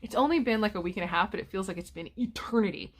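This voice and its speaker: A woman's voice: medium pitch, fast talker. A middle-aged woman chatting casually to camera at home, rambling with many ums and restarts. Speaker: vlogger. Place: home, by a window.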